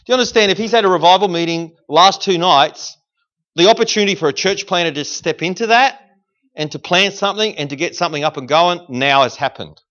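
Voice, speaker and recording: Aussie guy preaching hard in church, pumping up the crowd, highish voice, muffled lo-fi sound. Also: brisk. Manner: energetic call-and-response preaching. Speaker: guest preacher. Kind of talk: sermon. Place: church service.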